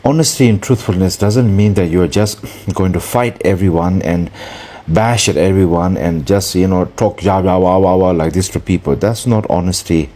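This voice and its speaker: A man with a very low, deep voice gives a Buddhist dharma talk. He speaks earnestly, pausing to hunt for the right word and circling back on his phrases. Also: mellow. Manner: earnest and searching for words, with pauses. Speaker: Buddhist teacher.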